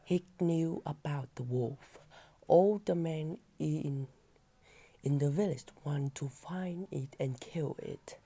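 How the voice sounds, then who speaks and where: A woman, a Vietnamese native speaker, reading a children's story aloud with a halting delivery and small slips. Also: low-pitched, mellow, husky. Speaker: reader.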